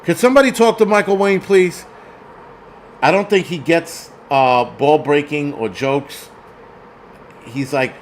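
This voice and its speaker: A man's voice: a little high, measured pace, long pauses, a little hiss or hum. A man hosting a casual livestream, reading chat comments aloud and ranting bluntly with plenty of profanity.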